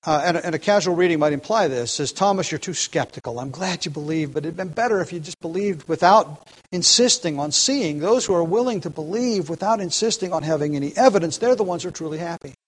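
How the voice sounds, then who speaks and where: A man's voice: a little high, lively intonation, quick pace, hardly any pauses, breathy edge, rough recording. A man preaching an expository sermon, earnest and emphatic, restarting phrases and shifting his pace.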